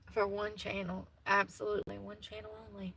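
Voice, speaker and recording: A woman's voice: medium pitch, little pitch movement, fairly quick, gravelly, pushed and bright, slight background noise, poor audio. A woman in her thirties with a Southern US accent, chatting casually and folksily with her viewers and laughing easily. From Southern United States. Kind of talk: casual chat with live viewers.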